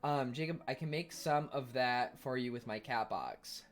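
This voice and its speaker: A man streaming live in a casual chat, reading viewers' messages aloud and answering them while he eats, quick to argue and defensive. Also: mid-range voice, faint music behind.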